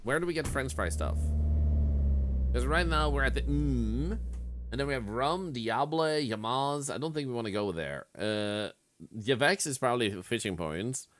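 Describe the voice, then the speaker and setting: A man's voice: mid-range voice, animated, moderate pace, slight background noise. A man streaming a game, casually chatting to his viewers and to the game's characters in a playful way. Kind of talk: casual gameplay commentary.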